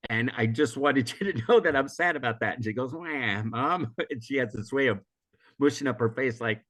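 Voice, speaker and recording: An older man from the USA, a guest in an interview, talking in a rambling, reflective way with frequent restarts and laughter, still hoarse from a recent illness. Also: medium pitch, a little fast, a bit bright. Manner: rambling, self-correcting, laughs often. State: recovering from illness, coughing. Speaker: interview guest, emotional intelligence teacher. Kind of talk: casual reflective interview talk.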